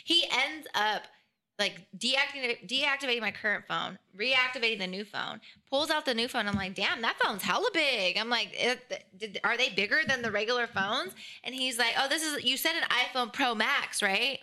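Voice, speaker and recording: A young woman co-hosting a casual podcast, telling a frustrating story in an animated, swearing rant and acting out both sides of the argument. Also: on the high side, normal speed. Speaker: podcast co-host.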